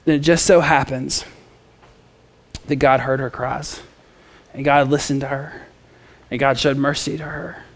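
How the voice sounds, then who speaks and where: A man's voice: mid-range voice, level tone, measured pace, long pauses. Guy preacher, easygoing and chatty, middle-range voice, reads scripture then riffs on it. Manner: casual, conversational, with frequent fillers and playful asides. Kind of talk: expository sermon.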